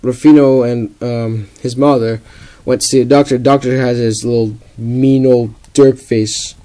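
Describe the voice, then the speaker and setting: A man's voice: mid-range voice, fairly even intonation, measured pace, dark tone. A young man casually narrating a homemade comic story, rambling with lots of "like". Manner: rambling, full of "like".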